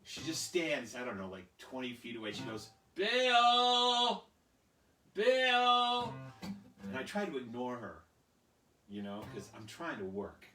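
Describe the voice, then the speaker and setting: A man's voice: medium pitch, animated, moderate pace, a bit bright. A man, a children's singer and storyteller, chatting casually and rambling through a story with plenty of fillers from his small home studio. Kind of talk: casual storytelling and singalong for kids. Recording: roomy, distant mic with guitar.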